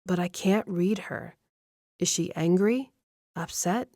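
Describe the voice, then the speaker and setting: Woman, audiobook narrator, first-person romance, measured storytelling, low voice, dry close mic. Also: mellow, no room sound.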